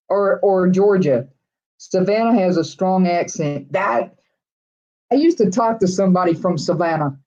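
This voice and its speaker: A middle-aged woman with a Texas accent rambles through a casual live-stream chat, answering viewers as she goes. Her voice sits at an ordinary pitch, and the sound is a little dull and lo-fi. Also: a little mellow. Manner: rambling, chatty, reading out viewer comments. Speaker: vlog host chatting with live viewers.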